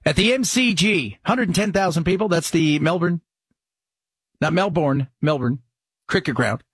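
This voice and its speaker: Excitable radio host with a husky voice. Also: male voice, high voice, a little fast, no echo. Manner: excitable, animated delivery. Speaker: radio talk show host. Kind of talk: casual radio talk.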